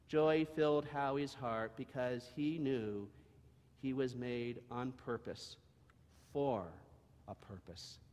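Slow, gentle man telling a story in church. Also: medium pitch. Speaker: church leader giving children's message. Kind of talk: storybook reading in church, then prayer. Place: church sanctuary. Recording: long echo of a church sanctuary.

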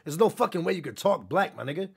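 Fast, gravelly, shouting young streamer man. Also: on the high side. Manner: loud, animated ranting that often breaks into shouting. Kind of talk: livestream reaction commentary.

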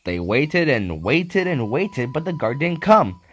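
A man reads a children's train story aloud in an animated storytelling manner. His pitch rises and falls a lot as he narrates. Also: slow pace.

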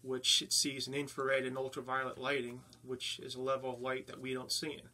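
A man from New Jersey with a North Jersey accent, a paranormal investigator telling of his investigations in a halting way with many fillers. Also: mid-range voice, completely flat delivery, sharp tone. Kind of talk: casual interview talk.

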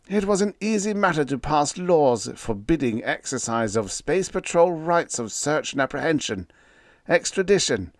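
A man narrating a vintage science fiction story with an animated, widely moving voice. His storytelling is wry and lively, and the recording is dry and close. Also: mid-range voice, no room sound. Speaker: audiobook narrator.

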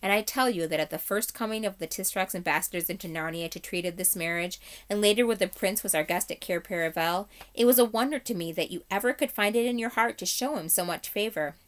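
A woman's voice: medium pitch, fast, hardly any pauses, close to an everyday voice. A woman reading aloud and voicing a young king who speaks in a formal, old-fashioned way. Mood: grave.

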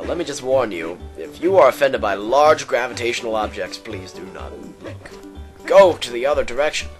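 A man's voice: medium pitch, fairly bright tone. A man giving rambling, sarcastic commentary while playing a video game. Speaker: let's player. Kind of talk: joking gameplay commentary.

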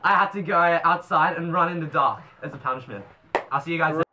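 A young man chatting excitably in a casual vlog, laughing often. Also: a little high, brisk, background noise. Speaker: vlogger.

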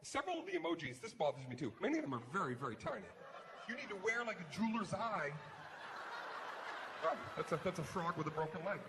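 A man performing a stand-up comedy routine on stage, animated, swinging between hushed mutters and shouted rants. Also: high-pitched, fast talker. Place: large comedy venue. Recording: live hall with crowd noise. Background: audience laughter.

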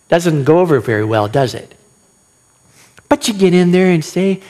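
Pastor guy preaching, slightly high voice, lots of questions to the crowd, acts out lines. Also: moderate pace. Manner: animated preaching, acting out quoted lines, asks the audience many questions. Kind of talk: sermon.

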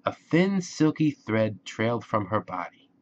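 A man reading a picture book aloud to children in a gentle, playful way. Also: very animated, a little slow, muffled recording. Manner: gentle, playful, animal sounds done in a high voice. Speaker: storybook reader.

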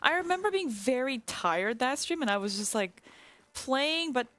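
A woman's voice: sits high, big pitch swings, normal speed, a bit bright. A woman from Canada, a community manager chatting casually while streaming a video game, playful and giggly, sometimes dropping to a whisper. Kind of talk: casual gameplay chat.

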